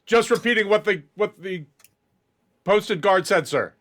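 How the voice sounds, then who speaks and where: Jumpy prison guards rush out anxious reports to their superior, as a man voices them in a tabletop game. The voice sits higher and louder than his own, tense and hurried. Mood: nervous.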